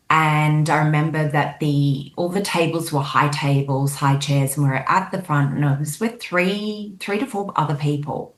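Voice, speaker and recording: A woman, a guest on a show, recounting a dream in lively storytelling style and acting out the people in it. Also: low voice. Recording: echoey room.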